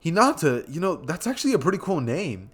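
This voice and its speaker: A man voicing a brash, kind-hearted young boy ninja who shouts in defiance when angry. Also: on the high side, sing-song, fairly quick, slightly rough, voice pushed up, heavily acted. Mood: friendly, easygoing.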